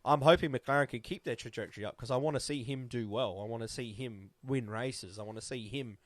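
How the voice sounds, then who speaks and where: An opinionated man in casual podcast chat, breaking off and restarting his thoughts. His voice sits at a middle pitch. The sound is close and dry. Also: fairly quick, no room sound. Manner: opinionated, restarts and repeats himself. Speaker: podcast co-host.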